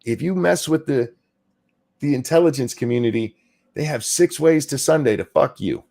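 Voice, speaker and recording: A male show host talking fast and ranting with sarcasm, dropping swear words as he goes. His pitch swings widely, rising and falling through every point. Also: vocal fry. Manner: animated, swearing, sarcastic rants. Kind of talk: casual political commentary chat.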